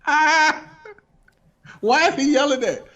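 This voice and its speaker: A man's voice: extremely high pitch, slow, sharp tone, highs cut off. Laughing, slangy podcast guest, a man. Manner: laughs a lot, slangy, hypes the other speaker up. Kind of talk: casual chat.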